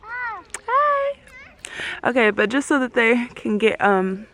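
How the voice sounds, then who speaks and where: A woman's voice: on the high side, normal speed, a bit bright. A young woman in her twenties telling a travel story in a casual, chatty way, full of fillers and asides. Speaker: travel vlogger. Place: outdoors in the desert. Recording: noisy outdoor camera audio.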